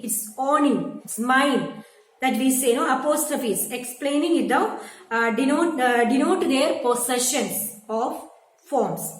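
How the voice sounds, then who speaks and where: A woman teaching a grammar lesson, explaining patiently and repeating herself, with frequent "okay" checks. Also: high voice. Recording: echoey room.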